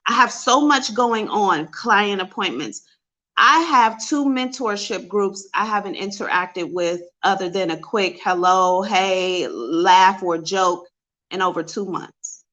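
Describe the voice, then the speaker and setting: A woman's voice: medium pitch, slow pace, fairly bright tone, dull audio. A woman psychic host giving an emotional, confessional talk to her livestream viewers over a webcam.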